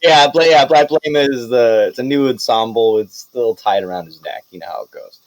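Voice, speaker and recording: A man's voice: mid-range voice, moderate pace, no echo, rough recording. Chatty male game master. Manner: chatty, laughing, loose with fillers. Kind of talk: narrating a tabletop game.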